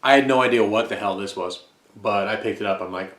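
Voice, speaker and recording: A man's voice: on the low side, brisk. A man from the United States rambling casually about the records he collects, with lots of fillers. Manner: rambling and relaxed, with frequent fillers. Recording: echoey room.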